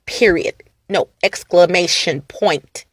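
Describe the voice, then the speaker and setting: A woman vlogger talking straight to her viewers in a casual rant, mocking and animated, laughing and repeating lines for emphasis. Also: fairly low pitch, slow pace, breathy edge, no echo, clean studio sound. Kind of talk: casual ranting monologue to camera.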